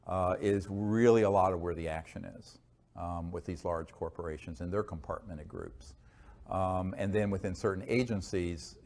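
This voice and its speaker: Low male speaker, earnest lecture Q&A delivery, halting fillers. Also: a little mellow. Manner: earnest, unhurried, many fillers and restarts. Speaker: speaker answering audience questions. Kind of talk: lecture and Q&A talk.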